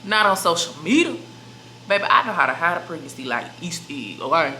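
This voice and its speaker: Chatty young woman with a bright voice. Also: lowish voice, sing-song, fairly quick. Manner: chatty, emphatic, addresses viewers as "y'all" and "baby". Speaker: vlogger. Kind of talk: casual sit-down chat to camera. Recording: echoey room with faint noise.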